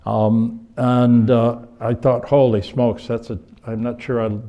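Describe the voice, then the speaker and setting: Older bishop: anecdotal lecturer who restarts his sentences, mid-pitched voice. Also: little pitch movement, slow pace. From United States. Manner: rambling, self-correcting, warm anecdotal. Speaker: bishop giving a conference talk. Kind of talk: storytelling lecture. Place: conference hall before an audience.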